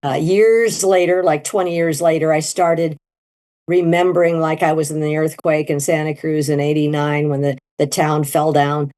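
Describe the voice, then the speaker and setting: Lively storytelling woman, low voice. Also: normal speed. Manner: animated, jumps into high quoted voices. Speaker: guest, near-death experiencer. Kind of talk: storytelling interview.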